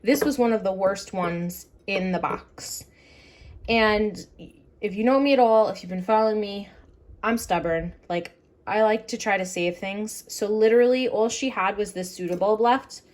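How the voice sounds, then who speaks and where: A woman with a fading, throat-clearing voice giving a rambling, casual vlog tour of her indoor grow room, with many fillers. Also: medium pitch, normal speed, a little mellow. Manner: chatty and rambling, with many fillers and self-corrections. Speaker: orchid grower and vlogger. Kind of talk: casual show-and-tell vlog. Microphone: handheld camera moved around the room.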